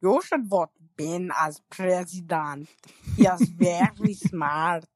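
Brief: man doing a plodding action-hero impression, deadpan and deliberate, voicemail. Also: high-pitched, no echo, studio quality. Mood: deadpan campaigning. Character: impression of a famous muscleman action star, male adult, deadpan. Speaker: voicemail caller.

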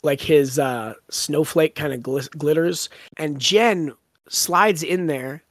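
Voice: medium pitch, slow, no echo, studio quality. A podcast host in casual book discussion, retelling scenes with a laugh and quoting lines.

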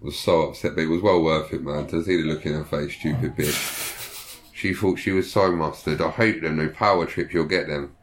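Rumbling low and speaking at a moderate pace, a young man shares prison stories full of slang and profanity. He gets animated and performs the voices of the people in them.

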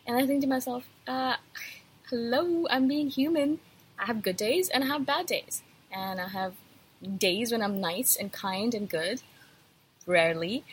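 A woman with a fairly high, slightly husky voice talks through a candid, blunt rant for her podcast. She sounds a touch feverish but keeps it casual and frank. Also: fairly bright tone, low-quality recording. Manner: candid and blunt, laughs easily. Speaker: podcast host.

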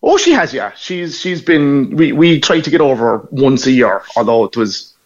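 A man's voice: medium pitch, very animated, moderate pace, dull audio. A man in his forties from Ireland with a Cork accent, a guest telling anecdotes in a casual interview. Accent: Cork Irish. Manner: chatty, anecdotal, self-deprecating.

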